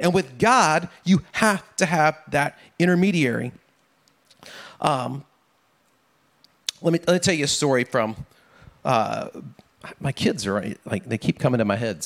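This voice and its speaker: A middle-aged man, a pastor, giving a casual, conversational sermon, often repeating words and checking in with "right?". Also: mid-range voice. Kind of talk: casual sermon with family stories.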